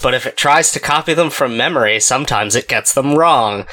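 A man co-hosts a casual podcast chat, thinking out loud with plenty of "uh"s and "like"s. His voice is bright and a touch forceful. He sits at a middling pitch. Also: fairly quick. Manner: thoughtful, rambling with many fillers. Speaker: podcast co-host.

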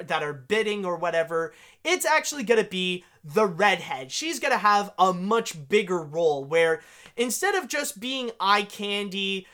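A woman hosting an animation news podcast, chatty and animated, with gushing emphasis. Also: medium pitch. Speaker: podcast host.

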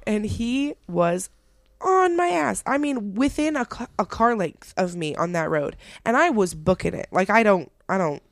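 A woman co-hosting a casual chat podcast, telling parenting stories in an animated way and laughing often. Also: medium pitch, moderate pace, dry recording, studio quality.

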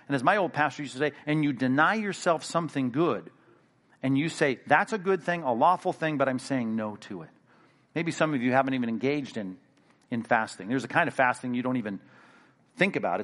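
A pastor preaches an animated, conversational sermon. He acts out little inner dialogues and drops into low, quiet asides.

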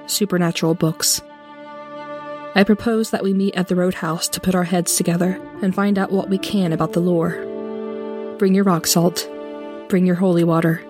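A woman's voice: lowish voice, fairly even intonation, moderate pace, long pauses, music in the background. A woman reading a dramatic promo announcement for a podcast.

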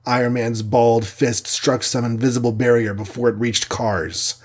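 A man reads a superhero storybook aloud in a steady, measured way. His voice is husky and sits at a middle pitch, with plain scripted narration. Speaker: audiobook narrator.

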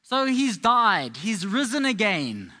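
A man's voice: sits high, big pitch swings, slow pace, sharp tone. A man preaching a sermon to a live congregation, telling Bible stories in a playful, conversational way. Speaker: pastor.

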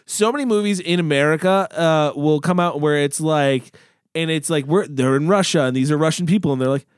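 A man talking casually about a movie on a podcast, animated and swearing freely, acting out quotes. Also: fairly high pitch, fairly quick, clean tone, dry recording, studio quality. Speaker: podcast co-host.

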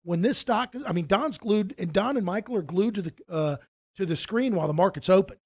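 A man's voice: high-pitched, expressive, fairly quick, slightly rough. A middle-aged man, a financial advisor, telling a story in casual conversation, rambling with many restarts and acting out quoted dialogue.

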